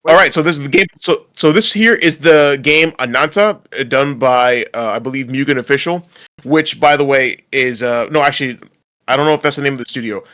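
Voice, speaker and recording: A man co-hosting a podcast chats casually in a slightly bright, mid-range voice, rambling and often laughing or starting over.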